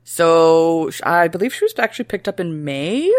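Podcast co-host, woman, lower voice that swings a lot, dry close sound, tells history casually. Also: normal speed, no room sound. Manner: reads old quotes aloud in a lively, joking way.

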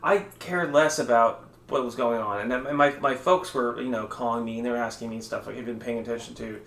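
A man's voice: medium pitch, fairly quick, fairly bright tone, roomy sound. A man chatting on a podcast about surviving cancer, talking bluntly, swearing freely and laughing at his own rants. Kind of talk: casual podcast chat.

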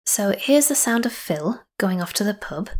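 A woman hosting a podcast, chatty and enthusiastic, sometimes dropping to a soft whisper. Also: mid-range voice, lively intonation, normal speed, background noise. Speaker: podcast host. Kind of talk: casual podcast narration.

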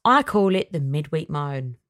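A woman's voice: sits low, sing-song, measured pace. A young woman hosts a casual solo podcast, chatting and ranting for fun, then reassuring her listeners. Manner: warm and reassuring when answering listeners. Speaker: podcast host.

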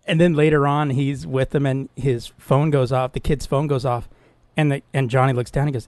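A man's voice: mid-range voice, steady tone, fast talker, darkish tone, dry recording. A man co-hosting a podcast who laughs often and stumbles over his words while telling stories. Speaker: podcast co-host. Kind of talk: casual chat.

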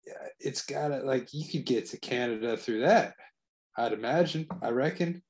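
A man's voice: medium pitch, normal speed, darkish tone. A man co-hosting a casual chat, with laid-back, skeptical banter.

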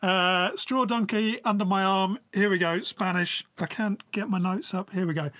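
A man co-hosting a comedy podcast, talking in a deadpan, mock-confident way. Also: high-pitched, moderate pace, few pauses, dry recording. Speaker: podcast co-host. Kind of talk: casual comedic chat.

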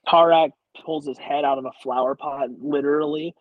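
A man's voice: on the high side, steady tone, moderate pace, few pauses, dry recording, low-quality recording. A man narrating as dungeon master in a casual, chatty way. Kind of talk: narrating a tabletop game.

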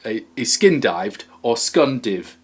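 A male podcast co-host with a very lively, swooping voice, spinning whimsical tales that ramble along. His delivery is playful and loose. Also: mid-range voice, takes it slowly, slight background noise. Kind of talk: casual comedic storytelling.

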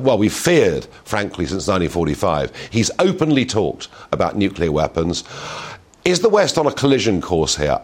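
Middle-aged man, talk show host, low voice, lively pitch, emphatic rhetorical questions. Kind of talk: opinionated broadcast talk show.

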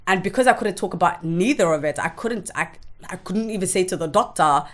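Blunt low-voiced woman. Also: lively intonation, a little fast. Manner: frank and blunt, swears freely. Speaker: podcast guest. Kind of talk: candid personal testimony in conversation.

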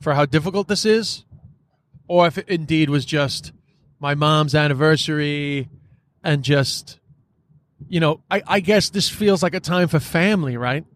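A man's voice: fairly high pitch, a little slow. Man ranting with frustration. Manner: frustrated, profane, many fillers. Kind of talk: casual ranting monologue.

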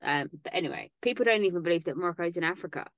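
A woman's voice: fairly low pitch, expressive, rapid-fire, no room sound, studio quality. A woman co-hosting a podcast in casual chat, sarcastic and chatty, tripping over words now and then. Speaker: podcast co-host.

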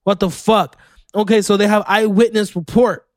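A man from Orlando hosting a solo podcast, ranting excitably and swearing often in casual commentary. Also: high-pitched, moderate pace, no room sound. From Orlando, Florida, USA. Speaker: podcast host.

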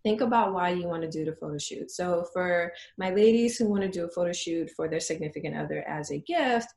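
Lively woman photographer telling stories, roomy. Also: fairly quick, creaky. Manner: lively, acts out her clients in a high voice. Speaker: boudoir photographer. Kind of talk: casual interview storytelling.

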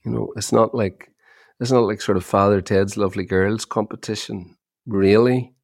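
A middle-aged man, co-hosting a chat podcast as an animated storyteller who often repeats his opening words. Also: lowish voice, moderate pace, gravelly, no room sound, studio quality. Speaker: podcast co-host. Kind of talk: casual chat.

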